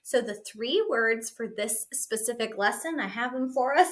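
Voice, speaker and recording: A woman teacher walking other teachers through a spelling lesson, upbeat and encouraging, explaining steps clearly. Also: fairly high pitch, unhurried, hardly any pauses. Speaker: teacher giving teaching tips. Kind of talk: instructional walkthrough for teachers.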